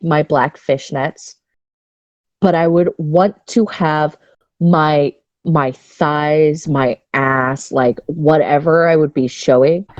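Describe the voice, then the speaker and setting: A woman's voice: sits low, a little mellow, no echo. Candid chatty woman, lo-fi dry sound. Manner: chatty, candid, bawdy, many restarts. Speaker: podcast co-host. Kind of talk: casual chat.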